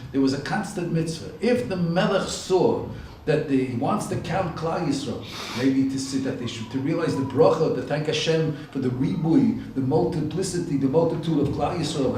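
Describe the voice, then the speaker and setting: A man's voice: a little high, mellow, slight background noise. A man giving a Torah lecture at a yeshiva, explaining each Hebrew term in English, repeating his phrases and building to emphatic points. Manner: rises to emphatic peaks on key points. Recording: very echoey room, distant mic.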